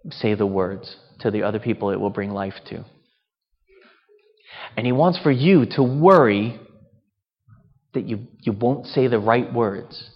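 Pastor preaching in a reverberant hall. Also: male voice, medium pitch. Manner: conversational, asks rhetorical questions. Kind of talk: sermon at communion. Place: church. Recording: dull reverberant hall sound.

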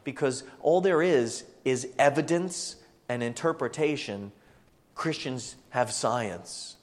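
A man preaching a sermon as pastor, animated and acting out the voices of the people he quotes. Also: mid-range voice. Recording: long hall reverb.

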